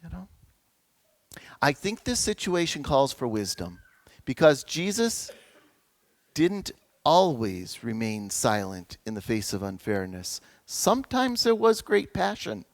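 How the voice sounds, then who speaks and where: A man preaching a sermon as pastor, in a conversational, storytelling way with lively asides. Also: fairly high pitch, no echo.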